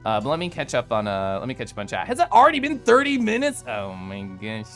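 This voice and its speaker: A man streaming live, chatting casually with his viewers and reading their messages in an animated, giggly way with playful swings in his voice. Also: sits high, quick pace, faint music behind.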